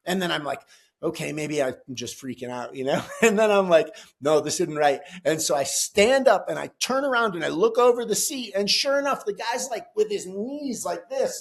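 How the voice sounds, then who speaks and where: Middle-aged guy telling a story, fairly high voice, gets loud and swears acting out what people said. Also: normal speed. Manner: animated, swearing, voices quotes loudly. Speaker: podcast guest, gym founder. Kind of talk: casual storytelling.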